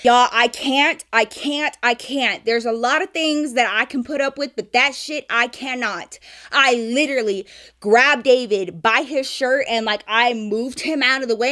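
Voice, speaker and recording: A young woman telling a club story to her viewers in a chatty, animated way, swearing freely and calling them y'all. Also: sits high, normal speed. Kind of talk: casual storytime.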